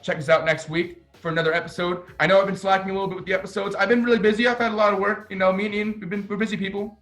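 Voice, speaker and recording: A young man co-hosting a casual sports podcast, talking in an excitable, rambling way full of "like"s. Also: high voice, racing, faint music behind. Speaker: podcast co-host.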